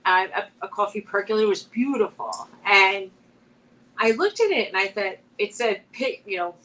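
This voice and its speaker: A woman co-hosts a live chat show with a friend, telling rambling, chatty stories full of restarts and often laughing mid-sentence. Her medium-pitched voice is animated and fairly bright, her pace moderate, and the recording is low quality.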